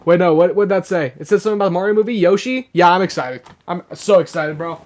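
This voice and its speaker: Sick and sounding rougher than normal, a young man reads his live stream chat aloud and talks casually. He's excitable and chatty with plenty of fillers, speaking fast in a high voice.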